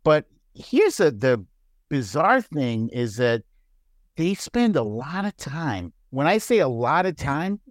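A man talking as a guest on a podcast, telling stories in an animated way and laughing often. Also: fairly high pitch, slow pace, no room sound, clean studio sound. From United States. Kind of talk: casual chat.

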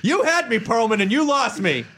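A man's voice: very high-pitched, sing-song, normal speed, bright, forceful tone. A man hosting a podcast who chats casually, teasing his guest playfully and swearing. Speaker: podcast host.

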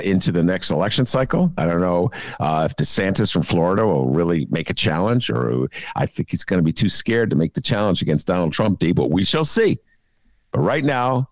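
A man's voice: gravelly, no echo. Sarcastic man ranting on politics. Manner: sarcastic, scolding, swinging between loud jabs and low asides. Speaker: podcast co-host. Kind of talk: political commentary chat.

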